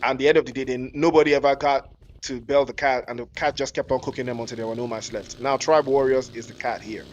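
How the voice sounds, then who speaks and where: A man's voice: mid-range voice, steady tone, fast. A man casting live esports, mixing play-by-play with joking, slangy chat banter and frequent laughter, on a headset mic with faint background noise. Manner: jokey, rambling, slangy, laughs often. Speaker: esports caster.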